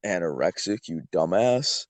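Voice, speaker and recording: Teasing young man, lively pitch. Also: a little slow, no room sound. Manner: teasing, disputes and mocks, laughs often. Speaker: podcast co-host. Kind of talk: casual teasing banter.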